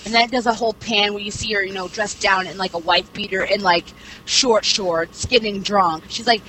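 A woman's voice: mid-range voice, steady tone, moderate pace. Rambling young woman, noisy recording. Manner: rambling, heavy fillers, swears casually. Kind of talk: casual chat, retelling a series plot. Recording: clear background noise.

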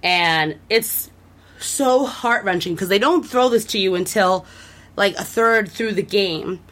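A woman's voice: mid-range voice, slow pace, fairly bright tone. Chatty woman rambling through a game recap. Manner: rambling, enthusiastic, many fillers and restarts. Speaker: podcast co-host. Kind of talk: casual chat about a video game.

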